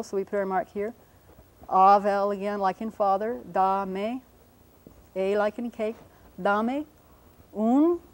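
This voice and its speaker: This is a low-quality recording of a woman with a medium-pitched, darkish voice teaching linguistics. At the whiteboard she patiently works through example words aloud, owning up to her slips with corrections and apologies.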